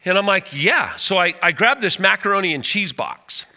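A middle-aged man preaching a sermon, telling a personal story with animated energy. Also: high voice, moderate pace, big-room sound. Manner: animated storyteller, rises to near shouting at the story's climax.

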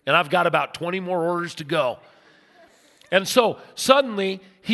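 Brief: animated man in his fifties telling stories from the pulpit, bright voice, long hall reverb. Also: sits high, normal speed, gravelly. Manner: animated storyteller, acts out voices. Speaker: pastor. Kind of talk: sermon with storytelling.

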